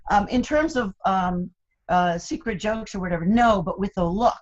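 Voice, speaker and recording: An older woman, a guest in a candid interview, who tells stories with animated, teasing humor and laughs often. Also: mid-range voice, normal speed, lo-fi sound. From United States, Cuban American family.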